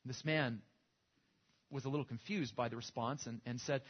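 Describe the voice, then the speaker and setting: Husky male preacher telling a story. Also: mid-range voice, fairly even intonation, normal speed. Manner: storytelling, with small restarts and repetitions. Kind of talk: sermon. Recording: dull lo-fi recording.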